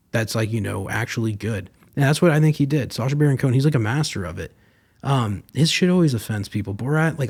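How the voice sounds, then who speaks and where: A man's voice: medium pitch, a little mellow, husky. A young man hosting his own podcast, talking casually and rambling with lots of fillers and swearing. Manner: rambling, profane, filler-heavy. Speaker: podcast host. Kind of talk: casual solo commentary.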